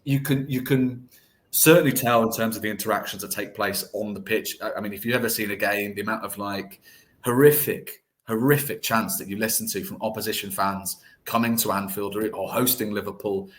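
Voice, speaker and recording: A man's voice: lowish voice, fairly even intonation, a little fast. A man answering as a podcast guest, earnest and reflective, often restarting phrases and filling them with "sort of". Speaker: guest, deputy editor of a football site.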